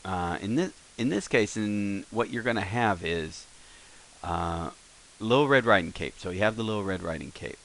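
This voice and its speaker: Male teacher, low-pitched, casual rambling lesson delivery, lots of fillers and restarts. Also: expressive, moderate pace, vocal fry, fairly bright tone, rough recording. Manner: rambling, self-correcting explanations with many fillers.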